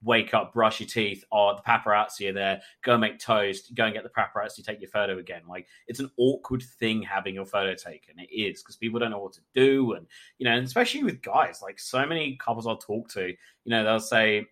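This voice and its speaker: A man, a photographer, talking candidly in a casual interview, animated and swearing freely. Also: lowish voice, fairly quick. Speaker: photographer guest.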